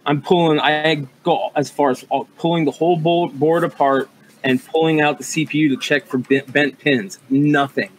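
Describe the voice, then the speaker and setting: A man's voice: a little high, steady tone, normal speed, slight background noise, low-quality recording. A man co-hosting a podcast in casual chat, rambling and swearing freely, with many fillers and restarts. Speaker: podcast co-host.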